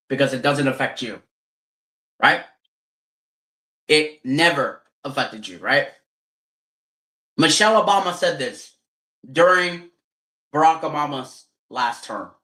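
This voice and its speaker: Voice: mid-range voice, expressive, slow, long pauses, sharp tone. A streamer in a heated, profane political rant who keeps asking rhetorical questions. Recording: roomy echo.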